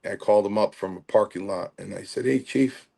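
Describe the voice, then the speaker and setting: An older former wrestler shares stories as a podcast guest. His voice sits low, and his sentences stop and restart often, with many fillers in between. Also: little pitch movement, fast, creaky, mellow. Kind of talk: podcast interview storytelling.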